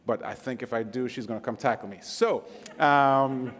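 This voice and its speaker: A man's voice: mid-range voice, normal speed, a bit bright. A middle-aged man with a Caribbean accent, giving a casual, self-joking guest sermon full of fillers. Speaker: guest preacher. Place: church sanctuary. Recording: long hall reverb.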